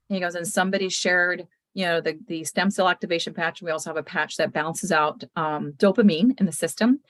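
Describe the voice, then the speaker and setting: A woman hosting a casual chat, telling customer stories with lively retold quotes. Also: medium pitch, no room sound. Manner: animated storytelling, retells others' words.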